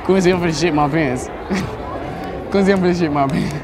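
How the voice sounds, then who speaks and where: A man's voice: on the high side, normal speed, background noise. A nervous man in a crowded basketball gym, repeating himself and swearing as he calls out to the stands on a clip-on mic. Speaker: prank video creator. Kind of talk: nervous prank vlog in a crowd. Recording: loud crowd and music at a basketball game.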